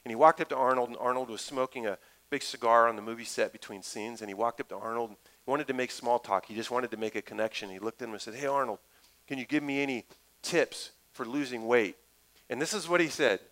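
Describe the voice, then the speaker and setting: A middle-aged man preaches a sermon in a loose, conversational way, tossing in asides as he goes. His voice is bright and forceful at an ordinary middle pitch. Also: quick pace, rough recording. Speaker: pastor.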